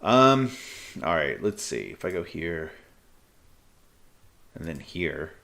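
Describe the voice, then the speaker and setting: A man streaming live chess, thinking aloud in halting, muttered bursts as he calculates moves. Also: a bass voice, lively intonation, vocal fry, fairly bright tone.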